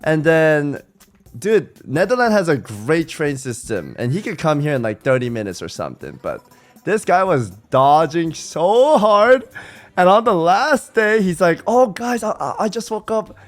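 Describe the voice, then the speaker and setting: A man's voice: on the high side, measured pace. A young man from California, a streamer, telling stories from a trip in a casual, slangy way, swearing now and then and imitating his friends. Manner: animated, slangy, swears, mimics friends in quotes. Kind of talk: casual storytelling vlog.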